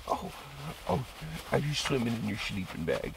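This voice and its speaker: A man on a camping trip talks to his dogs in a cooing, playful sing-song. His gravelly voice moves slowly and swings widely in pitch. The camera audio carries plain background noise. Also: big pitch swings. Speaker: outdoor vlogger. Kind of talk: casual talk to his dogs. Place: outdoors camping, in a tent.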